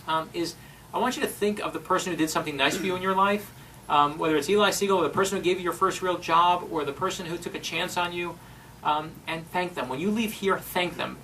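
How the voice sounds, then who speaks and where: A man's voice: high-pitched, creaky, bright, forceful tone. A middle-aged man giving a heartfelt storytelling speech to an audience, earnest and emotional. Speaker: speaker at an event. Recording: distant mic in a room with faint noise.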